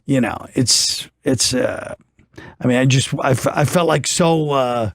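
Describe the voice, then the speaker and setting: A man's voice: mid-range voice, a little slow. A man who is a guest comedian, chatting casually and rambling through stories with frequent laughs and restarts. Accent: New York. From United States. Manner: rambling, self-interrupting storyteller with frequent laughs. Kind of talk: casual podcast chat.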